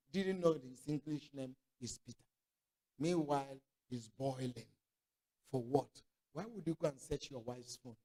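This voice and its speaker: A man's voice: fairly high pitch, a little mellow. A middle-aged male pastor preaching a sermon, telling stories with acted-out dialogue and throwing rhetorical questions to the congregation. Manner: storytelling preacher who acts out quoted dialogue.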